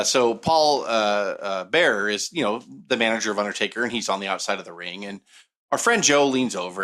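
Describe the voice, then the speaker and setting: A man's voice: mid-range voice, pushed and bright. A man co-hosting a podcast and telling a casual, profane, joking story. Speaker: podcast co-host.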